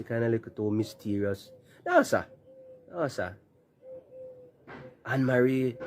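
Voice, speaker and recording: A man's voice: mid-range voice, darkish tone, a little hiss or hum. A man with a Jamaican accent giving mocking, laughing political commentary in patois.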